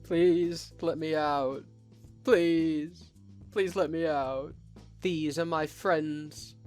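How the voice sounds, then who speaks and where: A man voicing a whiny, whimpering little boy in a slow, pleading voice, without any processing. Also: fairly high pitch, fairly even intonation, darkish tone, faint music behind, voice pushed up.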